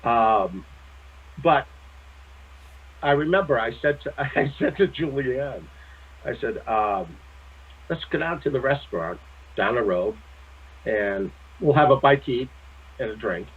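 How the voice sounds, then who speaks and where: A man telling stories as a guest in a casual chat, animated and laughing often, with some salty language, heard over a tinny phone-like line. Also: mid-range voice, a little slow, pauses often, husky. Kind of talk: casual anecdotal storytelling.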